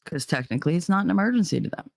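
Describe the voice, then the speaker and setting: A young adult woman hosting a podcast, telling a story with heavy profanity, her voice climbing into yelling in the tense parts. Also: fairly low pitch, animated, racing, vocal fry, no echo, clean studio sound. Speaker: podcast host. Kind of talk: storytelling monologue.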